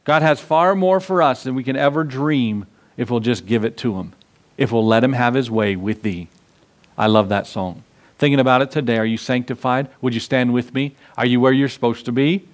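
A man's voice: mid-range voice, normal speed. A man preaching a sermon in a church, passionate and full of questions to the congregation. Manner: impassioned, rhetorical questions to the congregation. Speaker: pastor.

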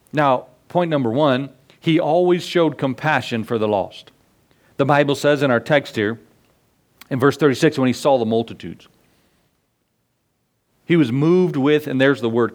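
A pastor delivers a sermon in an earnest, folksy manner, pitched somewhat high for a man. He asks his listeners questions, tells homespun stories and presses the point home.

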